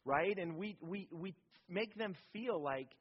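Male preacher, slightly high and husky, chatty storytelling sermon, dull lo-fi recording. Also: expressive, unhurried. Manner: conversational storytelling, keeps asking the audience "right?". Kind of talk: sermon on parenting.

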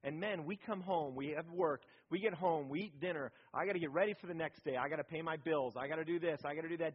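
A man's voice: a little high, fast talker, few pauses, breathy edge. A man preaching a sermon in a conversational, storytelling way, often checking in with his listeners by asking "right?". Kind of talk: sermon on parenting. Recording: dull lo-fi recording.

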